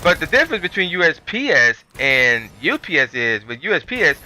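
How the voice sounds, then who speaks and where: A man's voice: a little high, big pitch swings, brisk, pushed and bright. A man ranting in casual, colloquial commentary over gameplay, telling an exasperated story with lots of animation. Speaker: gaming channel host.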